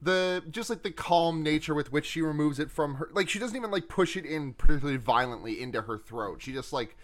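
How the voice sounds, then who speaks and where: A man co-hosting a podcast, retelling a film's scenes in casual, animated, profane chat. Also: a little high, fairly quick. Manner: animated, swearing, laughs while retelling scenes. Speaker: podcast co-host. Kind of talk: casual movie review chat.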